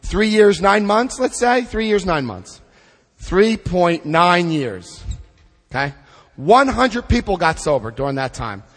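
A middle-aged man leading a recovery group through a book study, speaking with emphatic, drawn-out stresses and asking the room questions. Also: high voice, big pitch swings, in a large hall, soft background music. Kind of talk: impassioned recovery talk to a group.

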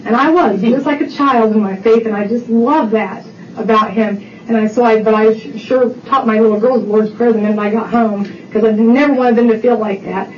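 A woman's voice: a little high, steady tone, a little fast, slight background noise. Woman telling stories in an echoey room. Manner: chatty storytelling with many fillers. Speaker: recovery meeting speaker. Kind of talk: personal testimony talk. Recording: roomy distant dull recording.

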